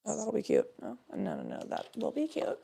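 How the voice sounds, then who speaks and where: Woman rambling thru a tarot reading on stream, kinda gravelly voice, swears a lot. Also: a little high, wildly swooping pitch, a little fast, dark tone.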